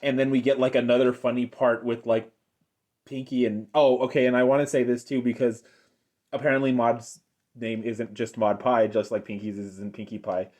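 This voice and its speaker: A man's voice: mid-range voice, level tone, normal speed, a little mellow. A young man giving an unscripted cartoon episode review, rambling and enthusiastic with lots of fillers.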